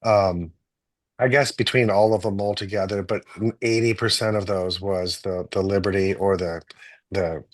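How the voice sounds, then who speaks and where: A man, a guest doctor, telling stories in a relaxed interview, animated and full of restarts. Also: deep voice, normal speed. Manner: animated storyteller, many restarts and acted-out quotes. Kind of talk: casual storytelling in an interview.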